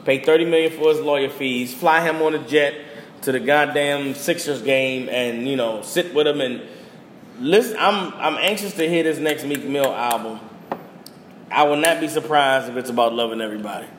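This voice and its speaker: A young man hosting a podcast delivers a blunt, emphatic rant in a mid-range, fairly bright voice at normal speed. Slang and repeated phrases drive his heated, casual delivery, and the reverberant room carries faint noise.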